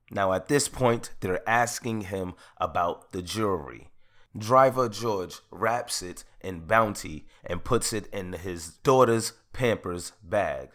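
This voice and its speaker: A man's voice: sits low, fairly bright tone. A male commentator casually recapping court testimony, reading quotes aloud and acting them out. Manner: reads quotes and acts them out.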